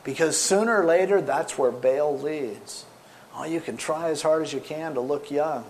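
A man preaching a sermon with animated storytelling, swinging between loud emphasis and soft asides. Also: a little high, normal speed, slight background noise. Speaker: pastor.

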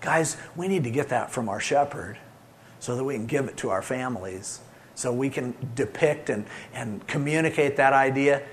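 A middle-aged man preaching a sermon, swinging between loud emphasis and soft, soothing asides. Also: medium pitch, lively intonation, unhurried, slight background noise. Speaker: pastor.

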